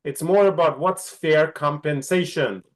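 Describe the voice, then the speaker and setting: A man's voice: fairly high pitch, a little slow. A middle-aged man teaching an online class, asking the students questions and often checking in with "right?". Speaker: instructor.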